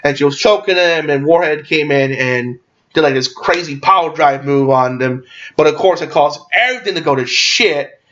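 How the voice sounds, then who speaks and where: A man's voice: fairly high pitch, normal speed, a bit bright. A man giving a casual movie review, rambling and swearing, with lots of fillers and restarts. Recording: dull lo-fi recording.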